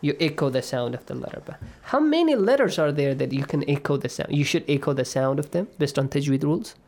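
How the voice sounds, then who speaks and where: A man teaching recitation rules on a radio lesson, patient, quizzing his students and modelling each sound slowly. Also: a little high, lively intonation, darkish tone.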